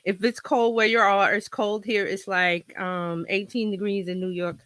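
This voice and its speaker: With no echo, a woman's medium-pitched, fairly bright voice holds a steady tone at a moderate pace. She's hosting a casual stream from her home office on a laptop with an external mic, chatting, rambling, laughing frequently, her throat touched by a slight cold.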